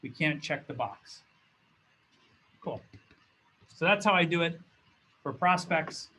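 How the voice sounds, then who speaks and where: Slow, lively, and forceful, a bright and slightly high male voice with a breathy edge comes through a low-quality recording. He's a business school professor lecturing on tape in a classroom or studio with a document camera, speaking casually and frequently restarting his phrases.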